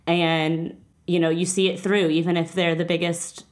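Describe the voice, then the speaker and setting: A woman's voice: lowish voice, fairly even intonation, a little slow. A woman hosting a casual interview, talking earnestly and getting emotional at times. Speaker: podcast host.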